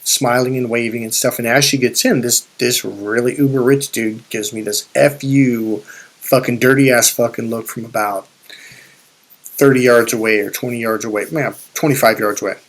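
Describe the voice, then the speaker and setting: A spiritual and life coach, a man with a mid-range, steady voice at normal speed, walks viewers through a casual, rambling story. He swears freely and restarts his sentences often.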